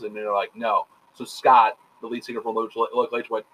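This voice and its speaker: A man hosting a casual podcast chat, telling stories quickly and profanely, with lots of quoted back-and-forth. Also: fairly low pitch, level tone, bright, forceful tone, low-quality recording. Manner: rapid, profane storytelling full of quoted dialogue. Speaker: podcast host.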